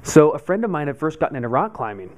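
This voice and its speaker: A man's voice: on the high side, big pitch swings, quick pace. A man in his thirties telling a personal story to a live group, acting out his own past panic as he goes. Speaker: meetup speaker.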